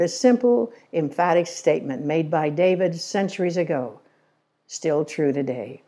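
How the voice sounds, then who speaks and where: An older woman speaks at a church gathering in a folksy, storytelling way and drops in wry little jokes. Her voice is mellow and warm and sits a bit low. She sometimes stumbles over repeated words when she gets caught up in a story. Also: lively intonation, moderate pace. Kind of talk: conversational church talk.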